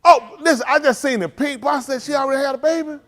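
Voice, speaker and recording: A man's voice: extremely high pitch, fast talker, fairly bright tone. A man, leading a congregation and greeting livestream viewers by name in a joking, teasing, casual way. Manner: joking, teasing, calls out names.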